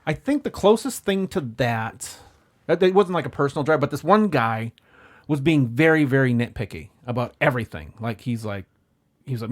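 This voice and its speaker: A man of ordinary middle pitch spins rowdy stories from his limo-driving days, cursing often and slipping into quick impressions of his passengers. His delivery stays loose, chatty and unscripted. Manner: profane, animated, acts out quotes. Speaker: podcast guest, former limo driver. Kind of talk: casual storytelling chat.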